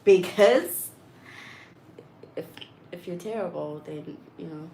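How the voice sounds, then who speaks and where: A young woman chatting candidly and frankly, often getting loud and exasperated as she makes her point. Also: on the low side, takes it slowly, gravelly. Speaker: vlogger. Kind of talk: candid casual chat. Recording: roomy echo with faint background noise.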